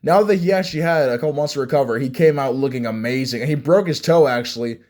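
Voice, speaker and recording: A young man giving casual fight reaction commentary, excitable and rambling, with many restarts. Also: mid-range voice, quick pace. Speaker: MMA fan reviewing fights.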